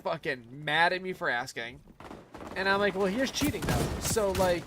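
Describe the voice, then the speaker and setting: A man's voice: sits high, expressive, normal speed, a crowd in the background. Rambling, profane gamer guy. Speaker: gaming streamer. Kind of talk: casual gaming commentary. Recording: gameplay with clear gunfire behind. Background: game gunfire.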